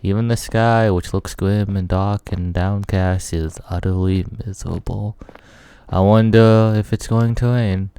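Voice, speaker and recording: A man's voice: deep voice, steady tone, a little slow, mellow, clean tone, dry recording. A man reading a visual novel's narration aloud and breaking off with wry asides as a let's play host. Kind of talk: reading game text aloud with commentary.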